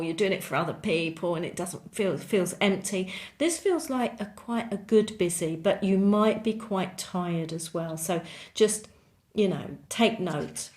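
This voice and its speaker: A woman's voice: mid-range voice, a little mellow. A woman giving a monthly tarot reading, chatty and encouraging, repeating words for emphasis. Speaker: tarot reader.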